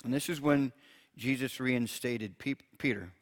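A man who preaches in a gentle way, reads scripture aloud and chuckles often while he teaches. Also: mid-range voice, unhurried. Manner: gentle, chuckles often, repeats words when restarting.

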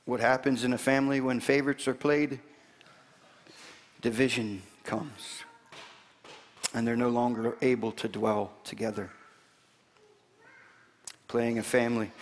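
A male pastor giving a conversational sermon and reading scripture, slowing down to stress his points. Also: mid-range voice. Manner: conversational preaching, slowing down for emphasis. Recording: long reverb in a large hall.

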